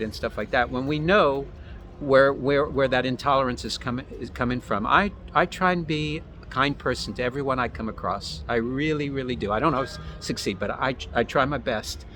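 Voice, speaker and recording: An American man chatting outdoors as a guest, halting and repeating words as he thinks aloud. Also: mid-range voice, fairly bright tone, a little hiss or hum. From United States. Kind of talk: casual street conversation.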